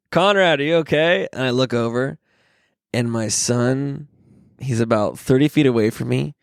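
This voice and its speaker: A man's voice: mid-range voice, dry recording, clean studio sound. A young adult man co-hosting a casual podcast, telling a rambling story, laughing mid-sentence and swearing. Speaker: podcast co-host. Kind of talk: casual chat.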